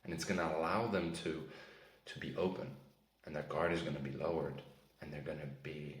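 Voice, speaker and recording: A man's voice: very deep voice, steady tone, a little fast, roomy sound, poor audio. A man coaching on sales in a casual teaching talk, often checking in with "right?" and "okay?". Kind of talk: instructional talk to camera.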